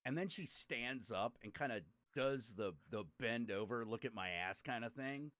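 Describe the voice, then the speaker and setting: A man's voice: medium pitch, moderate pace, fairly bright tone, no room sound, clean studio sound. A middle-aged man, a podcast host, telling a rambling story in casual chat, swearing freely and laughing as he goes.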